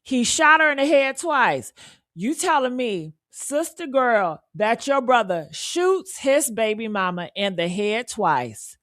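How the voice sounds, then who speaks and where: A woman hosting a live stream, giving true crime commentary in a loud, profane, emphatic way, repeating lines for effect and urging viewers to like the video. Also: fairly high pitch, very animated, measured pace, no room sound, clean studio sound. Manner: coaxing viewers for likes.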